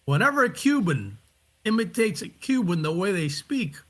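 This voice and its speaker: A man being interviewed about his acting work, talking in a reflective, casual way and often pausing to find his words. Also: high voice, big pitch swings, fairly bright tone. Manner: reflective, searching for words, restarts. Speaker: actor and director, guest.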